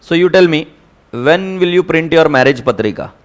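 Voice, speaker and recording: A middle-aged Indian man teaches an accounting class in a high, lively voice. He speaks Indian English, drops into Hindi now and then, and keeps asking the students whether they follow. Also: normal speed. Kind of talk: classroom lecture.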